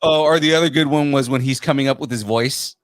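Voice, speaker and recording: A man's voice: medium pitch, fast talker, no echo. A man hosting a podcast who rambles through comedy sketches with lots of laughing in casual chat. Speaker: podcast host.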